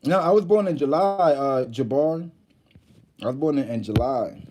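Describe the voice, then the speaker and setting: A man's voice: mid-range voice, moderate pace, darkish tone, a little hiss or hum. A man in his thirties hosting a casual livestream, telling stories and reading viewer comments, rambling with frequent restarts and fillers. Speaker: livestream host.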